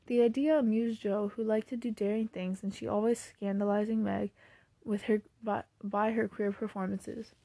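Woman reading an old novel aloud, steady, low warm voice with some gravel, close dry mic. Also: normal speed, dry recording. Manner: steady reading with occasional restarts. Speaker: audiobook reader. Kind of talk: classic novel read aloud.

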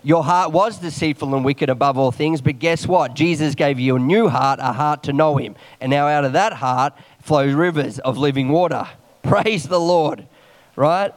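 A man preaching a morning sermon quickly, reading scripture aloud and adding quick asides and jokes. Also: fairly high pitch.

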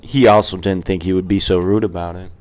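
A man's voice: low voice, fairly even intonation, brisk, darkish tone. A man reading the narration of a fan story aloud in a plain, matter-of-fact way.

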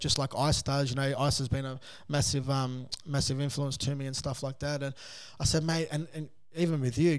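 A man in his thirties with an Australian accent, chatting casually about his coffee van in a home studio, relaxed, swearing and laughing often. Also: mid-range voice, clear, resonant tone. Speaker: podcast guest, coffee van owner. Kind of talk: casual interview chat.

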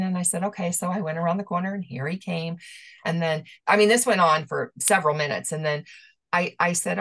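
A woman's voice: fairly low pitch, fairly quick. A middle-aged woman, a medium as guest, telling personal stories in a rambling, emotional way with many restarts. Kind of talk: conversational storytelling.

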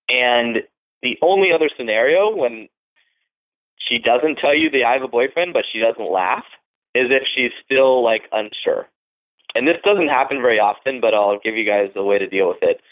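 A man's voice: mid-range voice, lively intonation. A man hosting a dating-advice podcast, talking bluntly and casually with plenty of swearing, acting out pickup lines as he goes. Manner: profane, blunt, acts out lines in quick asides. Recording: phone-like narrow band.

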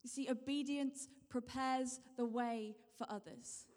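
A woman's voice: sits high, fairly even intonation, a little slow, darkish tone. A woman giving a sermon, repeating her points and putting questions to the congregation. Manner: repetitive, encouraging, asks the congregation questions. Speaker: preacher. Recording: long hall reverb.

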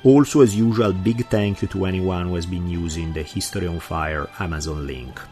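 A man with an Italian accent closes out his podcast in a loose, conversational way, thinking aloud as he goes. His voice sits very low. A little music plays quietly underneath. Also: moderate pace. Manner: chatty, informal, thinking aloud. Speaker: podcast host. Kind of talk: solo podcast outro.

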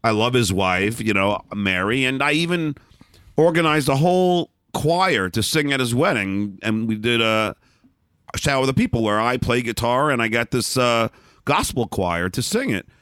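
Blunt, animated man telling stories. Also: medium pitch, normal speed, clear, resonant tone, dry recording, studio quality. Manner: animated, blunt, many restarts and repeated words. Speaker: interview guest, author. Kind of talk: candid storytelling in a conversation.

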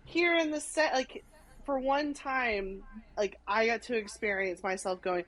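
A young woman from Arkansas, a podcast guest telling a story in animated casual chat, full of "like" and acted-out quotes. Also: fairly high pitch, measured pace, rough recording. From Arkansas, USA. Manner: animated, many "like"s, acts out quotes.

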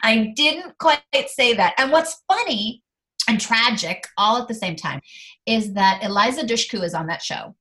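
A middle-aged woman speaking as a guest, candidly telling a personal story with lively delivery. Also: fairly high pitch, unhurried. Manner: animated, acts out quoted dialogue.

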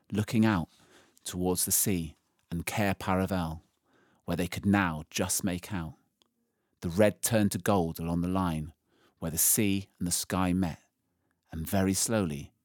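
A man reading a storybook aloud, slow and expressive, rising with the drama. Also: sits low, no echo, studio quality.

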